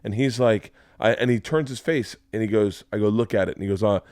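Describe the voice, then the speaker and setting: A man with a lowish voice tells a rambling comic story on a podcast, jumping into the voices of the people he quotes. The sound is dry and close, with no room around him. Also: fairly quick, no echo. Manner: animated storyteller who acts out quotes. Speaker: podcast host. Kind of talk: casual storytelling chat.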